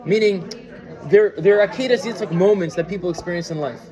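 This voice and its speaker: A man with a fairly high voice teaches a class in a loose, chatty way, stumbling through restarts and throwing questions at his listeners. Audience noise can be heard around him in the room. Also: fairly quick, crowd noise. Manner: conversational, full of fillers and restarts, asks the listeners questions. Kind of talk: informal Torah lecture with storytelling.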